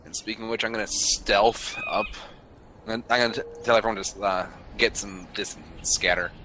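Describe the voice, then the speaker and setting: Low bright-voiced young player. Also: male voice, steady tone, fairly quick, slight background noise, poor audio. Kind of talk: casual tabletop game chat.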